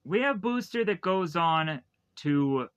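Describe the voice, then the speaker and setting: A man's voice: high voice, lively intonation, slow, clear, resonant tone. A man reviewing a movie, casually retelling the plot in a rambling way with lots of repeated phrases. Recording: dull lo-fi dry recording.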